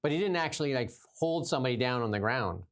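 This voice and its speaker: Male host, blunt and animated, casual talk. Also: medium pitch, fast talker. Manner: animated, blunt, laughs often. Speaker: show host. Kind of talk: casual political talk show chat.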